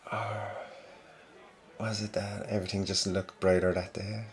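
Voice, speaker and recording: A young man in a soft-spoken boyfriend role-play, talking to the listener in a gentle, teasing, affectionate way that sometimes sinks into breathy murmurs. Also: on the low side, little pitch movement, a little slow.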